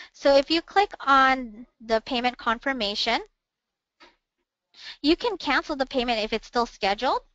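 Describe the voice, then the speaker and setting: Woman giving a patient software demo. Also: high voice, no echo. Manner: patient, instructive, narrates each click. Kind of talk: step-by-step webinar software walkthrough. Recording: dull, dry, lo-fi webinar audio.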